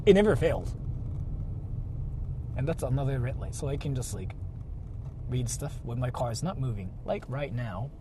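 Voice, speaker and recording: A man's voice: medium pitch, moderate pace, long pauses. A Japanese man speaking English with a Japanese accent, joking crudely in a casual chat while driving his car. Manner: animated, crude joking, frequent "like" fillers. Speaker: YouTuber. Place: inside a car in city traffic. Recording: noisy car recording.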